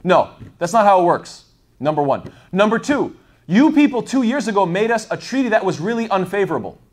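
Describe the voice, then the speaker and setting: Fast-talking high-voiced male lecturer. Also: sing-song. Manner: digressive, thinks aloud with many fillers. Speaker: Islamic lecturer. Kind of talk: casual explanatory talk.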